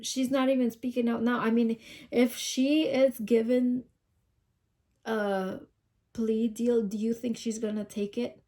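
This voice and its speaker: Flat-voiced woman musing in commentary. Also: fairly high pitch, unhurried. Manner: musing, rhetorical questions. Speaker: commentary channel host. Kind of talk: casual commentary.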